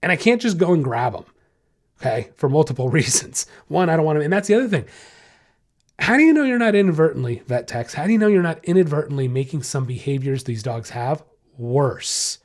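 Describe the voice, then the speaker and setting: Male podcast host, blunt and candid monologue, voice sits a bit high. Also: expressive, a little fast, a little mellow. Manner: blunt, emphatic, frank storytelling. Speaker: podcast host and dog trainer.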